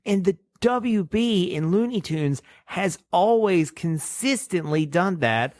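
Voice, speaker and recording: A man's voice: high-pitched, expressive, takes it slowly, a little mellow, no echo. A man co-hosting a podcast, chatting casually about cartoons, rambling and laughing at his own stories. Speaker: podcast co-host. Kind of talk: casual chat reviewing cartoons.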